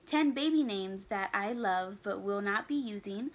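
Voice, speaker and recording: A woman's voice: mid-range voice, unhurried. A young adult woman chatting casually to her channel in her bedroom, out of breath and rambling from one aside to the next. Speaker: vlogger. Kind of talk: casual chat to camera.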